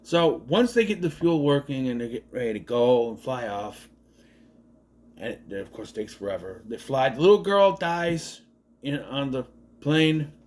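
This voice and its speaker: A man's voice: medium pitch, animated, measured pace, darkish tone. A man giving a casual, rambling movie review, sarcastic and swearing often.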